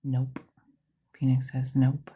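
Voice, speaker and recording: A woman's voice: extremely low pitch, completely flat delivery, takes it slowly, mellow, a little hiss or hum. A woman, hosting a livestream, half-whispering in a casual chat and greeting viewers by name in her home studio. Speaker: psychic medium livestream host.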